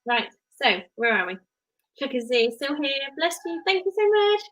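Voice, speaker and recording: A work-from-home mum with an English accent hosts a relaxed live stream, chatting and rambling amiably to viewers while speaking to her child too. Her high, fairly bright voice is very animated and moves at a normal speed. The recording is low quality.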